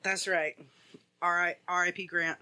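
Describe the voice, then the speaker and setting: Casual podcast co-host, male, high and bright, rambling storyteller. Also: little pitch movement, moderate pace, smooth, dry recording. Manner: rambling storyteller, heavy use of "like". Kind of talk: casual chat.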